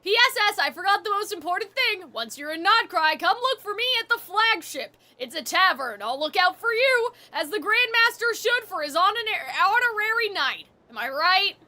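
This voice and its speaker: A woman's voice: very high voice, expressive, normal speed, few pauses, pushed and bright. A young woman streamer chatting while reading game text aloud and reacting to chat.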